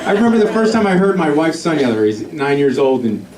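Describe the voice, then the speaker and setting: A middle-aged man performing a stand-up comedy set, telling a story and acting out quotes with sudden loud shifts. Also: fairly high pitch, very animated, fast, recorded from a distance. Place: comedy club stage with a laughing audience. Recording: echoey live club audio with crowd laughter.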